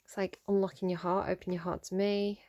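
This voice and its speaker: A woman giving a casual spoken tarot reading, chatty and animated, with lots of fillers and mild swearing as she scolds the cards. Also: medium pitch, a little fast. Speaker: tarot reader.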